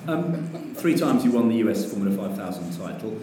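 A man's voice: on the low side, very animated, a little fast. A man interviewing a guest in a conversational, prompting way. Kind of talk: interview questions. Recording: echoey, distant from mic, noisy.

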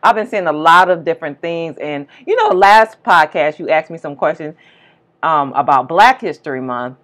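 A woman co-hosting a casual podcast, telling stories in an animated way and acting out what people said. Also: low-pitched, normal speed. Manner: storytelling, animated, acts out quotes. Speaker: podcast co-host.

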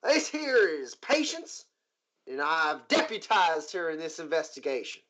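A man voicing a gruff, blunt frontier woman marshal with a folksy drawl in a tabletop game. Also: a little high, very animated, measured pace, sharp tone, exaggerated voice. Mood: matter-of-fact. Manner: folksy drawl, rough grammar.

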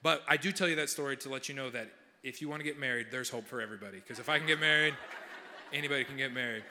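A young male pastor giving a sermon, telling a funny personal story with animated, self-mocking humor before he prays. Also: medium pitch, rapid-fire, in a large hall, slight background noise. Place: large church hall.

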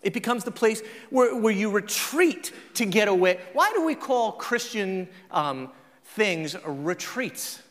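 A man preaching a sermon as a pastor, in a conversational, joking way with quick acted-out asides. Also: high-pitched, very animated, fairly bright tone. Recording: long hall reverb.

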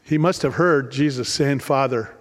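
A man's voice: medium pitch, moderate pace. Earnest preacher man in a reverberant hall. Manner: repeats words and restarts, earnest storytelling. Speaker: pastor. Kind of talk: sermon.

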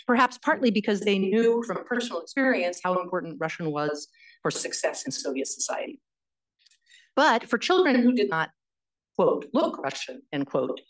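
A woman history professor giving an academic lecture, speaking in a measured way with frequent fillers and self-corrections. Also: on the low side, poor audio.

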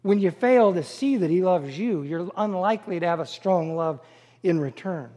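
A middle-aged man preaching a sermon and telling a story with animated enthusiasm. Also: high voice, normal speed, big-room sound. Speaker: pastor.

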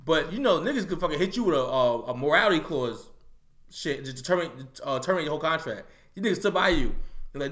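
A man in casual sports banter on a podcast, crude and animated, roasting people with laughs. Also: fairly high pitch, fast talker.

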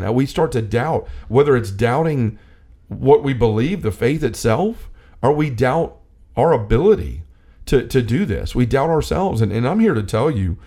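A man co-hosting a casual faith talk, speaking with animated energy and often acting out quotes. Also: medium pitch, normal speed. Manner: animated, acts out quotes, many restarts. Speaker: co-host.

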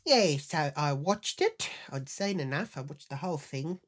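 Low-voiced crude woman storyteller. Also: animated, measured pace. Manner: crude, profane, indignant. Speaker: podcast host. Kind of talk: comedic storytelling monologue.

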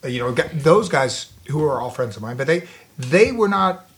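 This guest on a casual podcast is an actor and martial artist, a middle-aged man from Florida who speaks with a Southern US accent. His medium-pitched voice is expressive and fairly bright, moving at a normal speed as he talks emphatically and keeps repeating and restarting his phrases.

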